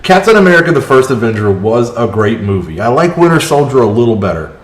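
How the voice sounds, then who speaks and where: A man livestreaming a strategy game, keeping up a running, chatty commentary on his moves. He reacts aloud to each turn and answers his viewers as he plays. His mid-pitched voice sits in a roomy, echoey space. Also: big pitch swings, fast. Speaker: streamer. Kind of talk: live gameplay commentary. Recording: roomy echo.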